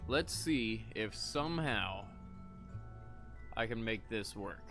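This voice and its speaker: Young male streamer, bright forceful voice, rambling laid-back game commentary with faint music under it. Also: lowish voice, expressive, takes it slowly. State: coughing between lines. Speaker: gaming streamer. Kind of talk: casual livestream commentary.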